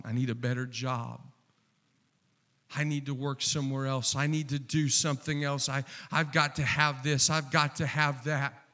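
A man preaching a sermon, slow and impassioned, building to fervent repeated refrains. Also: medium pitch, fairly even intonation. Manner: impassioned, rising to near-shouting with repeated refrains.

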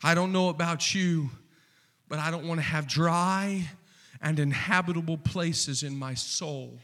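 A man preaching a sermon, slow and impassioned, building to fervent repeated refrains. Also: a little high. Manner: impassioned, rising to near-shouting with repeated refrains.

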